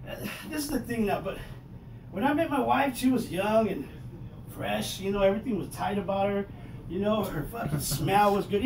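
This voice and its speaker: A man in his fifties doing a stand-up comedy set, telling profane, loud, animated stories. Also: sits high. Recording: echoey room, mic heard from a distance, noisy.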